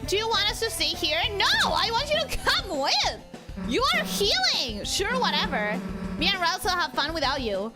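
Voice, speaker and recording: A woman's voice: extremely high pitch, very animated, moderate pace. A young woman streaming a video game, chatting to viewers and reacting jumpily, often repeating herself when startled. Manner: greets chat viewers by name. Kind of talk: live gameplay commentary. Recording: game music playing behind.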